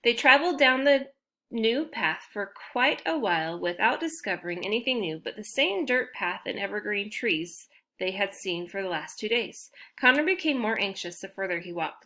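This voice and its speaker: An audiobook reader, a woman with a medium-pitched, expressive, sharp voice, narrates a children's fantasy chapter at normal speed. Her storybook reading is steady, though she occasionally restarts a phrase.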